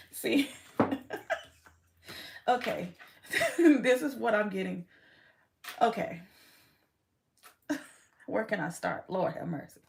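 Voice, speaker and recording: A woman's voice: mid-range voice, creaky, fairly bright tone. Brief: woman tarot reader on a casual vlog, frank and chatty, with loose cursing and frequent laughter. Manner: chatty, frank, swears freely, laughs often.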